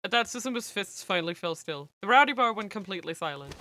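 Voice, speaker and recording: A woman's voice: lively intonation, fast talker, few pauses, sharp tone, soft background music. Woman streamer narrating a visual novel. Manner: lowers her voice for narration, stops to comment.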